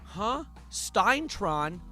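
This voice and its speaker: A man's voice: high-pitched, sing-song, drawn-out words, pushed and bright, faint music behind. A young man live-streaming, reacting to documents he reads aloud with sarcastic, mocking asides.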